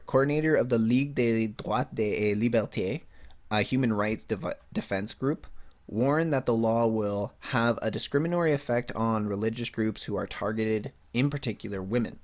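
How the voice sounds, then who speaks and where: A young man hosting a podcast, giving blunt, sarcastic opinions and reading news clippings aloud, swearing and laughing at his own points. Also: medium pitch. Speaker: podcast host.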